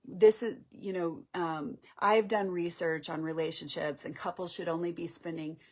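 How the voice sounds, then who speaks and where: A woman's voice: on the low side, steady tone, moderate pace, natural voice. A woman acting out a defensive avoidant boyfriend who rationalizes and brushes his partner off. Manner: rationalizing, dismissive.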